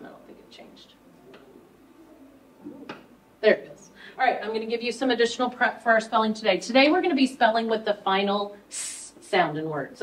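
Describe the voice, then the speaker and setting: A woman giving a one-on-one structured reading lesson, patiently prompting her student step by step. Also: medium pitch. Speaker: reading tutor. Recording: faint room noise, mic at a distance.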